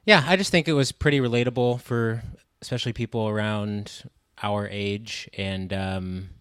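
A man's voice: fairly low pitch, normal speed, fairly bright tone, smooth, no echo, clean studio sound. A man in a casual film chat, speaking in a laid-back, hesitant way with many fillers.

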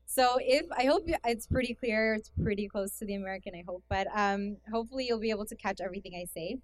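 A woman's voice: mid-range voice, quick pace, dry recording. Young Canadian woman, conversational, filler-heavy, mid-range voice, dry sound. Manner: chatty, self-deprecating, many fillers. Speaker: guest speaker. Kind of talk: casual talk to a youth conference. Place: hall with an audience.

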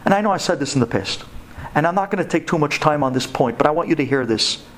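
A man with a fairly high voice preaches to a room of women in sermon-style storytelling. He is animated and emphatic, jumping sharply up in pitch and dropping low again. His delivery is lively and expressive. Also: fast talker, slight background noise. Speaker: speaker giving a religious talk to women.

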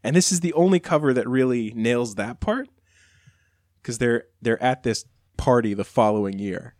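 A man's voice: mid-range voice, normal speed, a little mellow, dry recording. Chatty enthusiastic man, dry sound. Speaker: podcast co-host. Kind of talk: casual chat.

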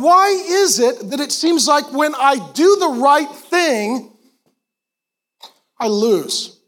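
A man with a strikingly high voice preaching a sermon from a church stage. He talks to the congregation with animated emphasis and breaks off into quick asides. The sound comes through a stage mic in the hall. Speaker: pastor. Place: church auditorium before a congregation.

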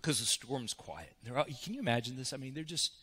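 A male pastor preaching a sermon in a church, shifting from hushed to loud. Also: medium pitch, lively intonation, brisk, breathy edge.

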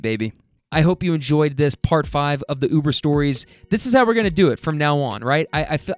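A young man hosting a casual solo podcast, telling stories in a chatty way, often laughing and acting out what people said. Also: fairly high pitch. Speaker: podcast host.

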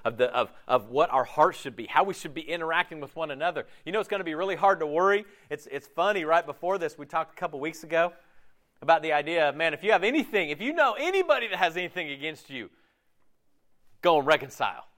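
Male pastor, conversational sermon, lively swooping delivery, slightly high voice. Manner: animated, conversational preaching with quick voiced asides.

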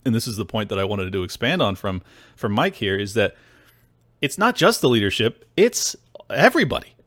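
A man's voice: on the low side, big pitch swings, brisk, fairly bright tone, no room sound, studio quality. A man hosting a podcast, delivering heated, sarcastic and profane political commentary. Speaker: podcast host.

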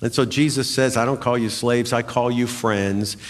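A man preaching a sermon as a pastor, emphatic and animated, with dramatic swings in pitch. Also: normal speed. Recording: long hall reverb.

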